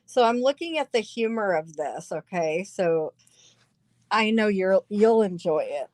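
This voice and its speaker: A woman's voice: medium pitch, lively intonation, a little slow, a little mellow, no echo. A woman vlogger giving casual, profane commentary on a clip, laughing often and talking straight to her viewers. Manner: giggly, swears freely, chatty asides to viewers. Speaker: vlogger reacting to a livestream clip.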